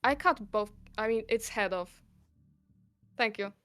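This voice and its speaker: Brief: woman player, excitable and profane, clear voice, dry mic. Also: fairly high pitch, unhurried, no room sound, faint music behind. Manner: excitable, swears, laughs often. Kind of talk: casual tabletop play.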